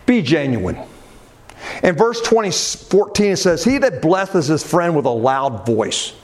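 A man delivers a sermon in a chatty, animated manner, speaking unhurriedly to his congregation and often wandering into asides. His voice sits fairly high and swings widely in pitch.

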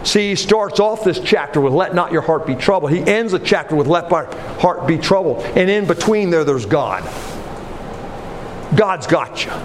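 A man preaching a sermon, moving from low earnest talk to loud rising exhortation. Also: animated, moderate pace, slight background noise. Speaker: pastor.

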